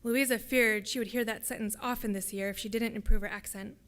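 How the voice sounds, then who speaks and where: A woman's voice: on the high side, brisk. Woman reading her story aloud. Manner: steady, descriptive storytelling. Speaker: graduate student reader. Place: lecture hall.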